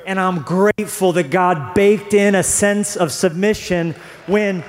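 Male pastor, young adult, slightly high voice; rambling storyteller who builds to fervent preaching; big reverberant hall. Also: slow, pauses often, some chatter behind, a little hiss or hum. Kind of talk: sermon with personal story.

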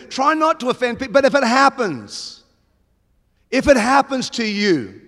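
A man with an Australian accent preaching a sermon, emphatic and building to loud exclamations. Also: very high voice. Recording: long hall reverb.

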